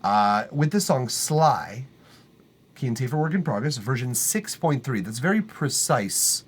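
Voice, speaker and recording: A man's voice: medium pitch, animated, measured pace, breathy edge. A man from Montreal hosting a live music feedback stream, chatting casually, reading chat aloud, swearing and laughing often. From Montreal, Canada. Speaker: livestream host reviewing music. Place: home studio.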